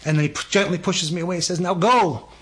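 A man's voice: fairly high pitch, fairly even intonation, rapid-fire, crowd noise. A man, a guest telling a personal story with lots of energy, stammering restarts and acted-out dialogue. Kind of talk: animated storytelling.

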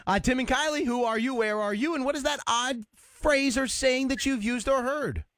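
A man's voice: very high-pitched, moderate pace, fairly bright tone, dry recording, clean studio sound. A man co-hosting a call-in radio show, chatting casually and laughing along with callers.

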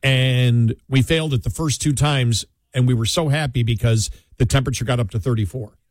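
A man's voice: mid-range voice, a little fast, no echo. A man chatting casually as a show's co-host, telling long rambling stories and laughing often. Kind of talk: casual chat.

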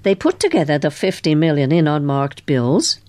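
A woman's voice: low voice, big pitch swings, moderate pace, darkish tone. A woman reading a chatty gossipy office man.

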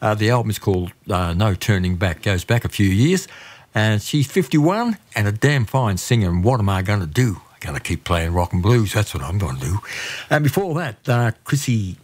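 This is a middle-aged man hosting a music radio show. His voice sits a little low, and his delivery is chatty and easygoing, with frequent "uh" pauses between song introductions. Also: sing-song. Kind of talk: casual radio presenting.

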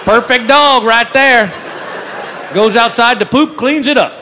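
A man's voice: extremely high pitch, a little slow. A married man performing stand-up, telling stories in a dry way and swooping into character voices. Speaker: stand-up comedian. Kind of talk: stand-up comedy set. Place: comedy club stage with live audience. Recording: live audience recording with crowd noise.

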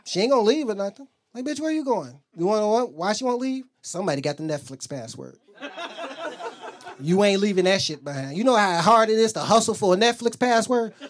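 A man's voice: high-pitched, a little fast. Guy doing stand-up at a club, loose and profane, chats with the crowd. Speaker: stand-up comedian. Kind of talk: stand-up comedy set.

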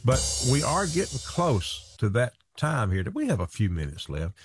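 A man's voice: medium pitch, wildly swooping pitch, moderate pace, soft background music. A man hosting a radio show, telling folksy stories in casual chat. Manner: folksy storytelling. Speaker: radio host.

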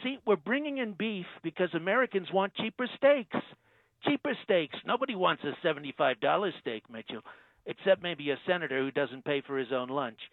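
A man's voice: sits high, lively intonation, brisk, no echo. A man playing a boastful older US president in a comedy radio bit, bragging in short punchy sentences over a phone line. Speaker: caller. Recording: tinny phone line, dry.

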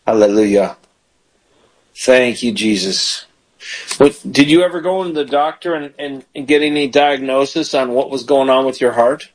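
A man's voice: on the high side, steady tone, brisk, few pauses, poor audio. A man hosting a call-in radio show as a pastor, praying fervently with callers and bursting into praise.

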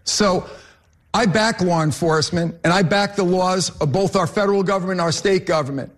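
A man's voice: sits high, fairly quick. A man arguing as a candidate in a political debate, combative and repeatedly addressing his opponent. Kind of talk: debate argument.

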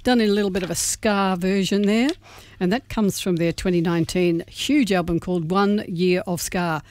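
A man from Melbourne, Australia hosts a community radio show, chatting casually and reading a gig guide with small slips. His voice is high and steady at normal speed, recorded without echo.

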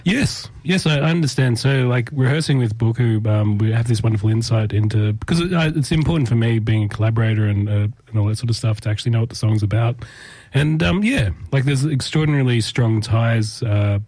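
Quick-talking Australian man, husky. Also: medium pitch, a little mellow, no room sound. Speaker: musician guest. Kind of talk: casual radio interview.

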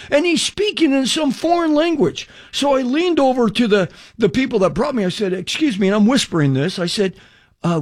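An older man giving a radio testimony sermon as an evangelist, telling his story in an animated way, acting out the dialogue and putting direct questions to the listener. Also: extremely high pitch.

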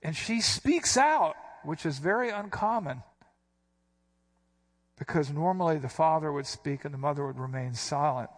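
A pastor preaches an expository sermon, explaining a passage like a teacher and punching out key words. His voice sits on the high side, expressive and at a moderate pace. He is emphatic, stressing quoted words with sudden rises.

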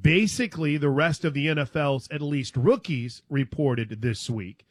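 A man's voice: fairly high pitch, normal speed, no echo. A man co-hosting a casual sports talk show, upbeat and teasing.

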